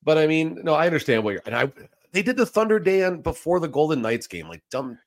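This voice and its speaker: A man's voice: fairly high pitch, big pitch swings, fast talker. A man co-hosting a sports podcast, opinionated and grumbling in casual chat. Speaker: podcast co-host.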